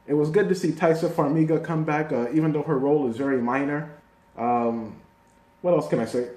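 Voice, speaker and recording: A man talking through a casual video review in a chatty, rambling way, with fillers and restarts. His voice sits a little high but sounds mellow and soft-edged. The recording picks up a noticeable room echo. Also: fairly even intonation, fairly quick. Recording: echoey room.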